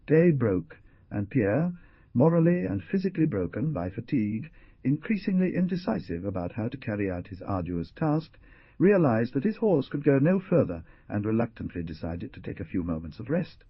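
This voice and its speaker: A man narrating an audiobook in measured, scripted storytelling. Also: mid-range voice, very animated, breathy edge, no echo. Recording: dull lo-fi dry recording.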